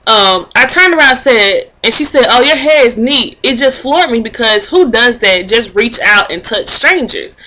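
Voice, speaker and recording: Bright-voiced woman rambling to camera. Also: fairly high pitch, moderate pace, hardly any pauses, rough recording. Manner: rambling, animated storytelling with many fillers and restarts. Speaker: vlogger. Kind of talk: casual talking-to-camera vlog.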